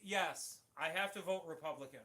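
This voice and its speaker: Hosting a casual livestream chat, a middle-aged Syracuse, New York man rambles along, frequently starting over mid-thought. His voice sits on the higher side, bright and forceful, at a moderate pace.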